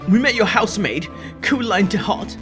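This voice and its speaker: A man's voice: high-pitched, brisk, music in the background. A man casually commenting on a game and reading the hero's lines aloud. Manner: animated, chatty, reads lines aloud. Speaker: let's play host.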